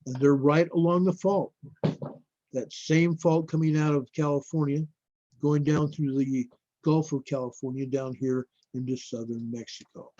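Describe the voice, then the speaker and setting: A man hosting a casual live stream, talking viewers through earthquake reports in a rambling, unhurried way and calling them folks. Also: a little high, steady tone, mellow, dry recording. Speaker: livestream host. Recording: dull lo-fi dry stream audio.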